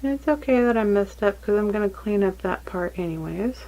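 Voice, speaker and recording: A woman's voice: mid-range voice, animated, brisk, mellow, lo-fi sound. A woman with a Texan accent, casually talking through a makeup tutorial at home, chatty and self-deprecating. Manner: chatty, self-deprecating, talks to her cat in baby talk. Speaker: makeup vlogger. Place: home, indoors.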